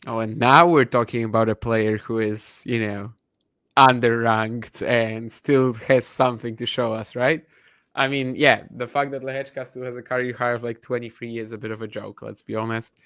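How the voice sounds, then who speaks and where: A man's voice: medium pitch, fairly even intonation, normal speed, fairly bright tone, no room sound. A man co-hosting a podcast, chatting casually and thinking aloud with frequent restarts. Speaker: podcast co-host. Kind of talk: casual chat.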